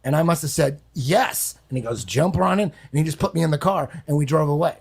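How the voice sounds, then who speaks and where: A man casually telling an animated, profane story on a podcast, acting out voices and sounds. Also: on the high side, fast talker, creaky. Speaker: guest storyteller.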